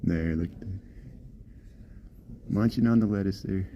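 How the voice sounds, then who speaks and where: A man's voice: deep voice, dark tone, highs cut off, slight background noise. Chatty man live-streaming a snowy outdoor walk. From Chicago area. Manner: chatty, laughs often, talks back to viewer comments. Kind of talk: casual live-stream chat. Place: outdoor zoo in snow.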